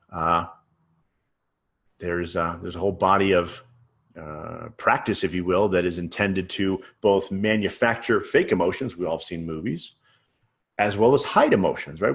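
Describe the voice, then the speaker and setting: A man giving a sales training lecture in a conversational way. He often checks in with the listener and uses everyday examples. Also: on the low side. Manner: conversational, checks in with frequent "right?". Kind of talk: teaching lecture.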